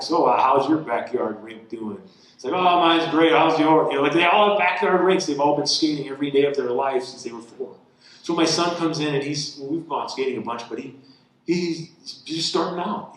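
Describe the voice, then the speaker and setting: A man, a campus pastor giving a sermon in a conversational storytelling manner. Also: medium pitch. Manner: conversational, voice rising with excitement in the story. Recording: very echoey hall.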